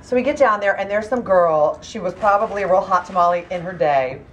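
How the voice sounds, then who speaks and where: A woman in her thirties telling a story in an animated way, often slipping into other people's voices and laughing as she goes. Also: mid-range voice, brisk. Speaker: author telling an anecdote.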